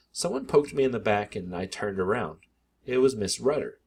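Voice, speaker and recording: A man reading a children's book aloud in an expressive, animated narration. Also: lowish voice, moderate pace, gravelly, a little hiss or hum.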